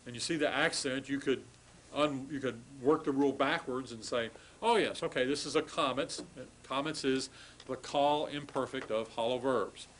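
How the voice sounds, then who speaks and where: A man's voice: medium pitch, a little hiss or hum, low-quality recording. Man lecturing patiently on grammar. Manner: patient, explanatory, wry apologies for irregular forms; drawn-out sounding of word forms. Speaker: language instructor. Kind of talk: recorded classroom lecture.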